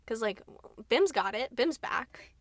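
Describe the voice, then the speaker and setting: A woman's voice: on the high side, lively intonation, slow, dry recording. A young adult woman co-hosting a podcast in casual chat, giggly and self-deprecating. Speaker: podcast co-host.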